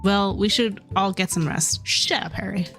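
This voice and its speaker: A woman's voice: medium pitch, normal speed, fairly bright tone, faint music behind. A woman streaming an otome game, reading its dialogue aloud and chatting playfully with her viewers, with small changes of voice for the characters.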